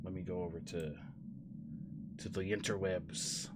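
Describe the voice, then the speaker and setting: A young man streaming a game, joking with chat and swinging between loud outbursts and quiet mumbling. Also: low-pitched, fairly even intonation, measured pace, very noisy. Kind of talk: livestream gameplay commentary.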